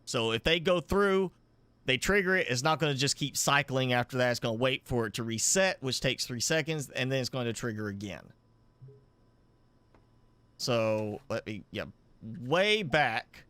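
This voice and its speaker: A man streaming a game live, thinking aloud as he builds, with halting, self-correcting talk. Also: medium pitch, animated, pushed and bright, clean tone, no room sound. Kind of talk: live gameplay commentary.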